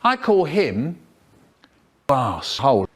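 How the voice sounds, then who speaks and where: Lively sing-song man reciting a poem. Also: medium pitch, takes it slowly, husky.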